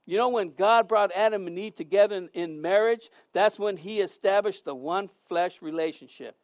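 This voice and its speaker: A man's voice: high-pitched, moderate pace, dry recording, studio quality. A man preaching a sermon, earnest and emphatic, often repeating words as he goes.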